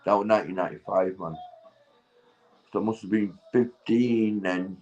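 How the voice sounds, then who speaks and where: A man's voice: on the low side, fairly even intonation, normal speed, darkish tone, lo-fi sound, faint music behind. Rambling, swearing Northern English man. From England. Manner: meandering, swearing, laughing to himself. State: intoxicated. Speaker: livestreamer. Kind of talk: rambling casual chat to viewers.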